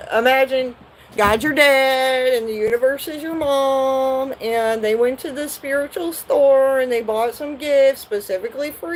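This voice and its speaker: A woman's voice: a little high, a little hiss or hum, poor audio. A woman doing a live tarot reading, talking bluntly and profanely in a rambling way. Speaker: tarot reader.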